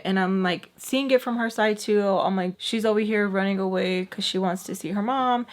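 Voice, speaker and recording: A woman's voice: medium pitch, normal speed, background noise. A young woman recounting a personal story in a casual storytime vlog. She talks in a loose, chatty way, peppered with "like". She slips into quoted dialogue and curses without holding back. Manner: chatty, full of "like", acts out quoted dialogue, swears freely. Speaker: vlogger telling a personal story.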